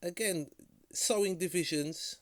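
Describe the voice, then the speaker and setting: A man hosting a video reaction, talking critically in a halting way and often repeating words. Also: high-pitched, dry recording. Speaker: vlog host reacting to a clip. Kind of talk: casual reaction commentary.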